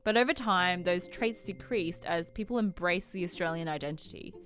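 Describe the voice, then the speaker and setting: A woman reading scripted narration for an explainer video in an even, informative way. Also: fairly low pitch, normal speed.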